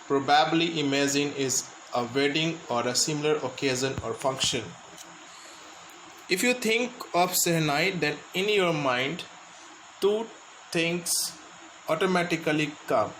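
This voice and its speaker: Man, Indian accent, teacher, slow explaining delivery, slightly high voice, echoey room. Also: fairly bright tone, a little hiss or hum. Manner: slow, explanatory, repeats and glosses words. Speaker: school teacher. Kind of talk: English lesson for students.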